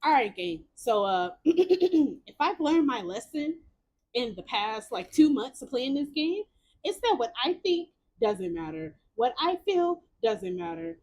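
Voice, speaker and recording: A young woman streamer narrates a story game and reacts in excited bursts. Her fairly high voice swoops up and down a lot. She piles up repeated words when something surprises her. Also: a little slow. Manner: animated, exclamatory, repeats words. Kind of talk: reading a choice game aloud with reactions.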